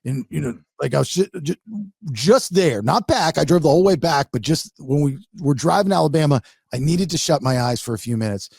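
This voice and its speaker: Gravelly man telling a rambling story. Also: on the high side, brisk, no echo, clean studio sound. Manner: rambling, animated, acts out his wife in quotes. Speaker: podcast host. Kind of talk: casual comedic storytelling.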